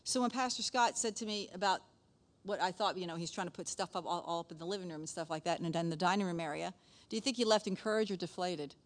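A woman's voice: lowish voice, quick pace. A middle-aged woman giving a casual, chatty sermon as a pastor's wife, often checking in with the listeners. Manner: chatty, animated, frequent "okay?" asides.

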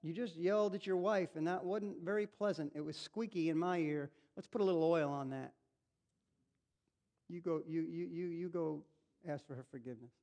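A man's voice: a little high, normal speed, dark tone, natural voice. A man preaching who voices the Holy Spirit as a blunt, insistent male figure scolding a believer. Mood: gentle correction. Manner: blunt, insistent, talking straight at the listener.

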